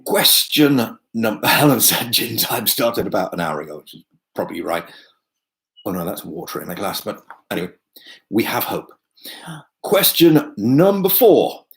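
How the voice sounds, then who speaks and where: A man's voice: lowish voice, sing-song, unhurried, a bit bright, low-quality recording. A man hosting a pub quiz from home on a video call, chatting and joking with lots of fillers. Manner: chatty, jokey asides, many fillers. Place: home room.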